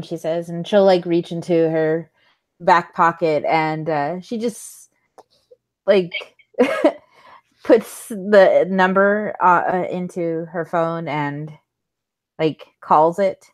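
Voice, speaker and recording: Laughing woman player, low voice. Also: slow pace. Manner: relaxed, laughs often.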